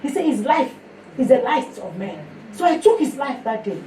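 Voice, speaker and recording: A woman with a Nigerian accent giving a sermon mixed with her own testimony, telling stories in an animated way. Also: sits high, normal speed. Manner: storytelling, animated, breaks into song. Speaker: fellowship speaker. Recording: echoey room, mic heard from a distance, faint noise.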